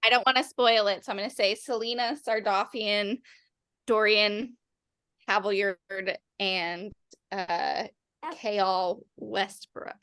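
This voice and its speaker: A woman on a book podcast panel, chatty and quick to chime in. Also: medium pitch, steady tone, bright, forceful tone, clear, resonant tone, no echo. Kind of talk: casual chat.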